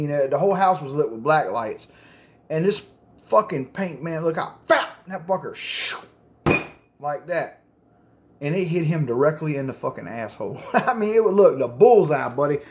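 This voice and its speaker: A man, rambling and swearing as he casually tells old stories into his phone camera, getting loud and excited at the punchlines. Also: on the high side. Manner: profane, rambling, gets loud and excited telling jokes. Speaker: storyteller.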